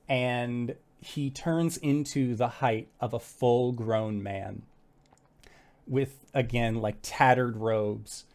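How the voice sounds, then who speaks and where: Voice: mid-range voice, darkish tone. A game master narrating a tabletop game in vivid, casual detail, peppered with "like" and the odd swear.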